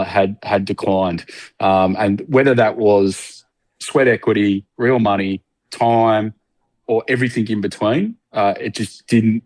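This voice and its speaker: A man with an Australian accent, a guest on a casual podcast interview, talking haltingly with many fillers and restarts. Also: fairly low pitch, darkish tone, no room sound.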